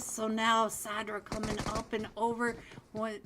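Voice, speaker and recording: A young woman casting a live esports match, chatty and quick to laugh, calling out players by name. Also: fairly high pitch, completely flat delivery, background noise. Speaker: esports caster. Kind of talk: live game commentary.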